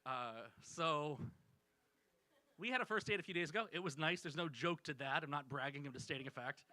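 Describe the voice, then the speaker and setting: A man's voice: a little high, a little fast, sharp tone, no echo, rough recording. A man doing a wry, self-deprecating stand-up set on a small club stage into a stage mic. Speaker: stand-up comedian.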